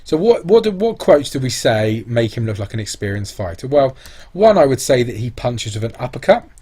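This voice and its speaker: A man's voice: mid-range voice, big pitch swings, fairly quick, mellow, husky. A man teaching a revision lesson on exam answers, explaining step by step and thinking aloud. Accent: British English. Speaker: English teacher.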